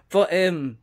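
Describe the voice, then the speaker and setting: A man hosting a board game podcast, joking and laughing often as he rambles. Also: high-pitched. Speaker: podcast host. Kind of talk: casual chat.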